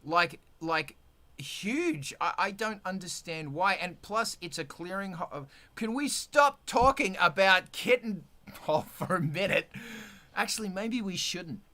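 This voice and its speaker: Brief: male livestream host, loose and animated, bright high-ish voice, casual swearing. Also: a little slow. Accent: Australian. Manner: animated, swearing, rambling with restarts.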